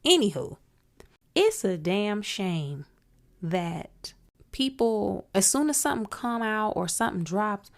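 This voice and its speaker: A woman's voice: medium pitch, very animated, slow pace. A woman hosting a solo commentary podcast, outspoken and emphatic, talking straight to her listeners. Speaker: podcast host.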